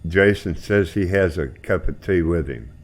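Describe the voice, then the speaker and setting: A man with an extremely deep voice hosts a casual live stream. He chats loosely while reading out chat messages and juggling several tasks at once. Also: normal speed. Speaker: stream host flying a helicopter simulator.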